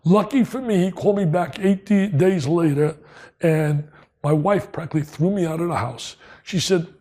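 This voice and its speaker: An older man from New Jersey, telling stories as a guest in an interview, excitable and emphatic, repeating lines for punch. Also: a little high, moderate pace. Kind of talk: storytelling interview.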